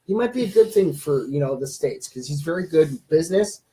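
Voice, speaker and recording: Casting: young man, rambling livestream host, voice pitched a touch high. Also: expressive, fairly quick, mellow. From Canada. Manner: rambling, chatty, reads viewer comments aloud. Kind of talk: casual livestream chat.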